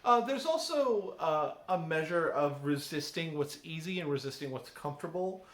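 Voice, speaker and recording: In a recorded poetry lesson, a male teacher reads to his class and talks through the poem informally, regularly asking "right?" His voice is on the high side, animated and a bit bright, at normal speed. A roomy echo surrounds him.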